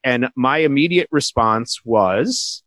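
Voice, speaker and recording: A man's voice: medium pitch, animated, slow pace, a bit bright, no room sound. A man co-hosting a casual podcast, upbeat and joking as he introduces the episode. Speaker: podcast co-host. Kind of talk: casual chat.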